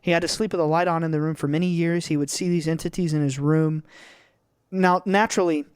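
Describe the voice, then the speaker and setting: A man's voice: a little high, fairly quick, clear, resonant tone, no room sound, studio quality. A man in his twenties, a podcast guest, telling stories earnestly and with energy in casual chat. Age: 20s. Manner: earnest, animated storytelling with restarts.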